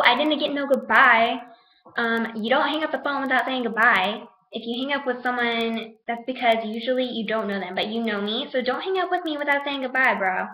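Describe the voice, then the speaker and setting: A woman's voice: on the high side, bright, forceful tone, reverberant, rough recording. A teenage girl vlogging to her camera at home in a chatty, sassy way, scolding her viewers now and then. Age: teens. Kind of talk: casual vlog talk to camera.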